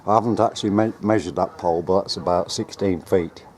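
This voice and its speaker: A chatty, low-voiced man rambles and corrects himself while offering casual running commentary to camera. He's a radio hobbyist vlogger working outdoors at home on ladders and in the garden. His delivery is steady and a little fast with a darkish tone, and the handheld camera mic leaves a little hiss or hum.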